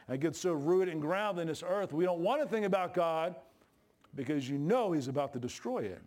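A middle-aged man preaching a sermon with a voice set a bit higher than most men's. He talks in a folksy, emphatic way and jumps up in pitch when he gets fired up. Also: animated, moderate pace, darkish tone.

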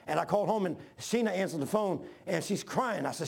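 A middle-aged man preaching a sermon as pastor, telling a personal story and repeating phrases as he builds to shouts. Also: sits high, animated, fairly quick, vocal fry, husky.

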